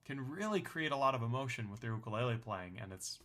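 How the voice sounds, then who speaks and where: A man's voice: medium pitch, expressive, quick pace, fairly bright tone. A young man teaching a ukulele lesson in a friendly, explanatory way, counting beats aloud. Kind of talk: online music lesson.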